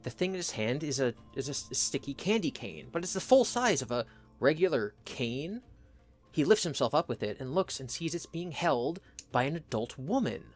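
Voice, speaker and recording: A man's voice: fairly high pitch, sing-song, moderate pace, soft background music. Easygoing man telling a story. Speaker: podcast host. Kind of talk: improvised holiday storytelling.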